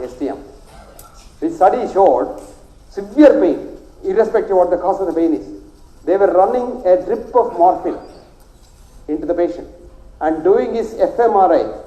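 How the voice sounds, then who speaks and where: A man's voice: fairly high pitch, mellow, echoey room, rough recording. A man from South India who is a doctor, speaking with a South Indian accent and giving an emphatic, repetitive health lecture.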